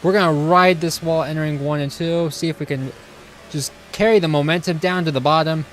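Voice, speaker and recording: A man's voice: on the high side, steady tone, a little fast, fairly bright tone, slight background noise. Eager male racing-game streamer. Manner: eager, casual, talks to chat. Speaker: gaming streamer. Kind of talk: live gameplay commentary.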